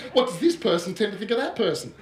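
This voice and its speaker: A man with an Australian accent giving a lively workshop presentation to a live audience, joking and throwing in asides. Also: high-pitched, brisk. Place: large room with live audience. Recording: roomy echo of a hall.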